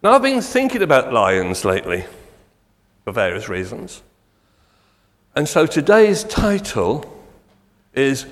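Older male preacher, jovial storyteller, very animated, echoing church hall. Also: mid-range voice, slow pace, pauses often. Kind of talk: sermon with storytelling. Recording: echoey hall.

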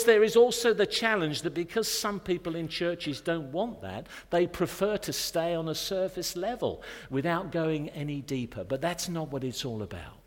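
A man preaching a sermon as pastor, earnest and direct, asking his congregation pointed rhetorical questions. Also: medium pitch. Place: church sanctuary. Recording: long reverb of a church hall.

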